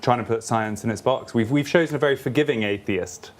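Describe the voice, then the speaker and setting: A man hosting a live panel who cuts in with quick, lightly joking questions. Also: mid-range voice, a crowd in the background. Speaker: host. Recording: live event with audience.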